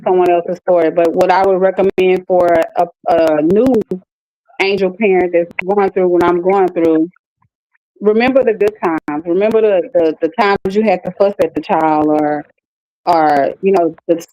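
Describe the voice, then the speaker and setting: A bereaved parent speaking gently and reflectively in candid casual talk, halting and repeating words. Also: medium pitch. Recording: dull lo-fi audio.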